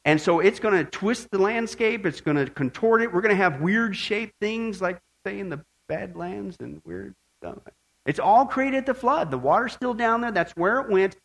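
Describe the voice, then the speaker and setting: A man preaching, swinging from loud exclaiming to hushed, prayerful tones. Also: high-pitched, animated, moderate pace, creaky. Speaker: pastor. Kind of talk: sermon.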